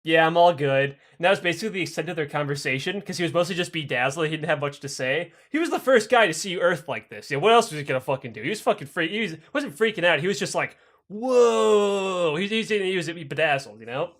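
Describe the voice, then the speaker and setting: A man's voice: a little high, animated, fast, few pauses, fairly bright tone. A man co-hosting a comedy history podcast, telling the story in a rambling, profane way full of laughter. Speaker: podcast co-host.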